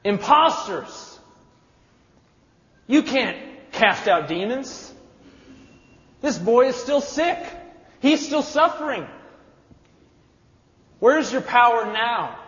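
A man's voice: expressive, slow, long pauses, fairly bright tone, heavily acted. A man acting a jeering crowd member. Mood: mocking. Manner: mocking, drawn out, high. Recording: echoey hall, dull sound.

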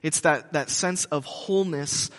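A male pastor giving a conversational sermon, halting with frequent restarts. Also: on the high side, fairly bright tone, big-room sound.

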